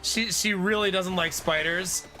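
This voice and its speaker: High, bright-voiced male game streamer. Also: steady tone, measured pace, soft background music. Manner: chatty, laughs often, reads out viewer comments. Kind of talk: casual live-stream chat.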